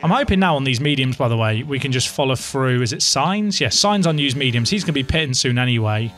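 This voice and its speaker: A young man giving live, excitable commentary to his viewers while playing a game, dramatic and self-mocking. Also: mid-range voice, quick pace, slight background noise. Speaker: game streamer.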